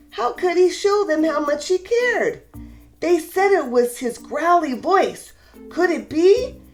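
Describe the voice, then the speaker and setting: A woman hosting a children's reading show and reading a rhyming story aloud with warm, expressive delivery. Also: very high-pitched. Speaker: children's story reader, host. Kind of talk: read-aloud storytelling for kids.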